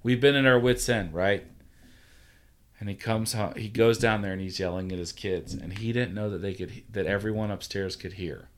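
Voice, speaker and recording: An earnest man hosting a relaxed podcast chat. His voice sits low, and he talks in a reassuring, storytelling way. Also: normal speed. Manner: earnest, reassuring, tells stories. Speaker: podcast host, father. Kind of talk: casual chat.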